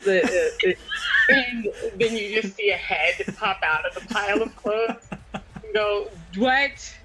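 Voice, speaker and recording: A man playing a tabletop game, excitable and quick to laugh. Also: high voice. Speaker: player. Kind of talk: tabletop role-play. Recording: noisy, off-mic.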